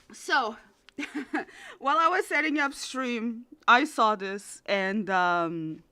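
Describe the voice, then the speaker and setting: A woman streaming live, chatting casually with viewers in an excitable way, repeating words and laughing often. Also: lowish voice, no echo. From Australia.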